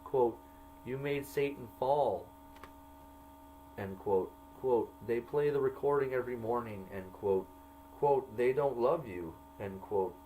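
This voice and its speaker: Slow, deliberate man reading his journal aloud. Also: medium pitch, dark tone, a little hiss or hum, rough recording. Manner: deliberate, marks quotes aloud as quote and end quote. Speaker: narrator reading his own jail journal.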